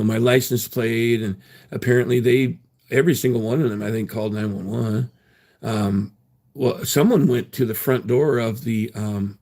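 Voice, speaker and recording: A man tells a long story on his livestream, rambling and restarting his sentences often. His voice is gravelly and husky, and his pitch sits in an ordinary middle range for a man. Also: darkish tone. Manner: rambling, many fillers and restarts.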